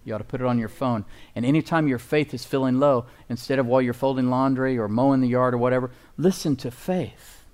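A man's voice: medium pitch, steady tone, fast, hardly any pauses, a little mellow, clear, resonant tone. A man preaching a sermon as pastor, emphatic and folksy, often asking the congregation for agreement and chuckling at his own points.

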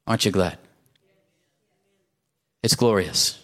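A man's voice: on the low side, sing-song, a little slow, pauses often, a bit bright. A male pastor preaching a sermon, emphatic and leading the congregation in call-and-response.

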